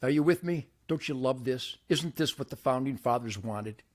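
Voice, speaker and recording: An older man hosting his own show, ranting boastfully to camera by a campfire outdoors, with wild swings between shouting and muttering. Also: animated, moderate pace. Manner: brash, boastful, loud swings in pitch and volume.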